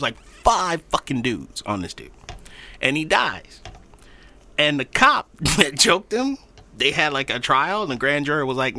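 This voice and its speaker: Man, podcast co-host. Lively, swinging pitch and a very bright tone. Casual, profane, acts out the quotes. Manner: animated storytelling, swearing, laughing, acting out quotes.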